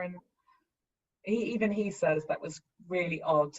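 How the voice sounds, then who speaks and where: A woman earnestly recounting a personal story, halting and acting out the lines of the people she quotes. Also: mid-range voice, slightly rough, dull audio. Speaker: bereaved mother sharing her story.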